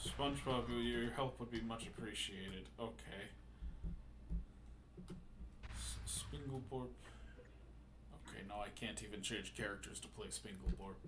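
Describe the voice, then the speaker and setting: A man's voice: fairly low pitch, fairly even intonation, normal speed, hardly any pauses, noisy background. A man chatting casually while playing a video game on stream, rambling with restarts, laughing and swearing. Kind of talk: casual gaming chat.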